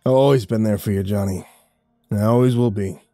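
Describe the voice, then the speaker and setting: A man voicing a weary older priest who speaks in a low, hushed, soothing way. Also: fairly quick, dry recording, faint music behind, natural voice. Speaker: priest character.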